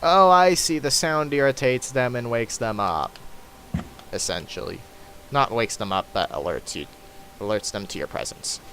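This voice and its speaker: A man casually commentating his own gameplay, thinking aloud and halting with frequent ums. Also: medium pitch, a bit bright, a little hiss or hum. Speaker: let's play host playing the game.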